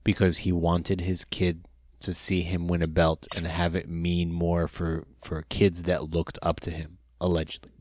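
A man from New Jersey, co-hosting a casual chat over a video call and telling profane, animated stories. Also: low-pitched, measured pace. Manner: profane, storytelling, animated impressions. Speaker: podcast co-host.

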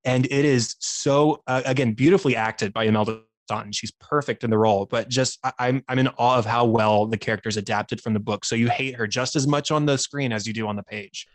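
A man's voice: mid-range voice, steady tone, fairly quick, few pauses, no room sound. A man talking casually on a podcast, analyzing a film with enthusiasm and frequent laughter. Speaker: podcast co-host or guest, teacher by day.

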